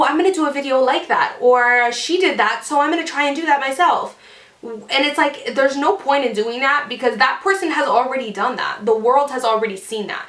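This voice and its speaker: A woman beauty YouTuber answers fan questions in a casual vlog, chatting away and filling her speech with "like." Her voice is fairly high and a bit bright, and the room sounds echoey.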